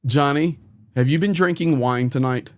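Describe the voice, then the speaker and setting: A man's voice: a little high, normal speed, no room sound. A man hosting a live stream, earnestly rattling off names and donation amounts.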